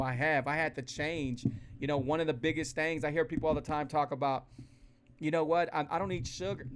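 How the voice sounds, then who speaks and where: A man's voice: fairly high pitch, a little hiss or hum. A man talking casually and energetically to his followers on a phone livestream. He repeats himself a lot and speaks to viewers in a folksy way about his eating. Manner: animated, repetitive, folksy, addresses viewers directly. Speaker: keto weight-loss vlogger. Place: indoors, livestreaming.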